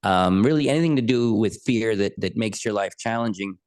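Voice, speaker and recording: A man's voice: lowish voice, a little fast, darkish tone, no room sound. A man appearing as an anxiety coach on a podcast, speaking earnestly and reflectively with frequent restarts. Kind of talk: conversational interview.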